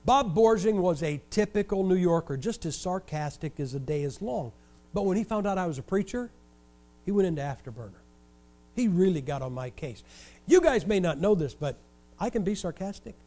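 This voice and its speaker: An older man from Ohio preaches in a noticeably high voice. He tells his stories with animated energy and lands jokes with dry, wry sarcasm. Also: a little fast. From Ohio, USA. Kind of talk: storytelling sermon.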